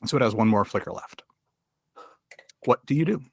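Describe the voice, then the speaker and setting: A man narrating a tabletop game as game master, halting with many fillers. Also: medium pitch, lively intonation, creaky, husky, no echo.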